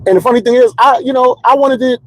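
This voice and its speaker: This stand-up comedian speaks very fast in a very high-pitched voice, rambling through candid comedic stories in casual chat and repeating words as he builds the jokes. The recording is rough but has no echo.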